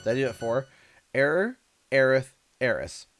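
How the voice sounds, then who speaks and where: A man from Canada giving casual, chatty livestream commentary while playing a game, animated and playful. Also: mid-range voice, unhurried, faint music behind. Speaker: streamer.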